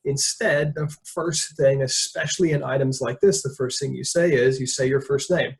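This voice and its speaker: A man's voice: mid-range voice, fairly even intonation, normal speed, vocal fry, hardly any pauses. A man presenting a leadership webinar, telling stories in a conversational way and acting out quotes. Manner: conversational storytelling, jokes and acts out quotes.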